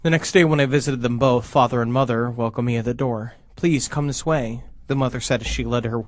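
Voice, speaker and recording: A man hosting a casual podcast, joking with friends and reading a story aloud in a hushed voice. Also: steady tone, fairly quick, dry recording. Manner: joking, reads in a hushed low voice. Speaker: podcast host.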